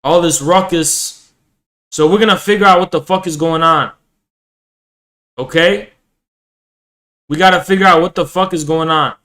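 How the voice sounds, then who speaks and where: A man hosting a casual livestream, talking to his chat in an excitable, profane way. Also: fairly high pitch, normal speed, pauses often.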